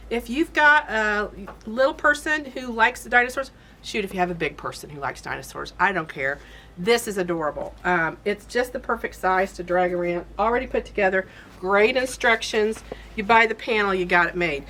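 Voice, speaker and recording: A woman's voice: mid-range voice, fairly bright tone, slight background noise. A woman hosting a casual product showcase in a fabric shop, chatty and gushing with enthusiasm. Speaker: quilt shop host.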